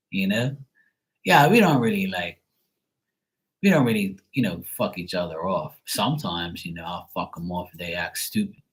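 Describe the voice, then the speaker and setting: A man chatting casually to camera, rambling and swearing freely in a relaxed way. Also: lowish voice, moderate pace, pauses often, low-quality recording. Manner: rambling, profane, laid-back. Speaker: tarot reader, channel host.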